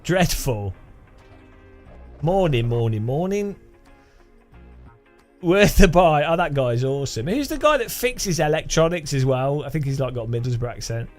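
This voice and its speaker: A man's voice: a little high, lively intonation, normal speed, long pauses, faint music behind. A man from England chatting casually with his live-stream audience, laughing often and greeting viewers by name. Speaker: game streamer.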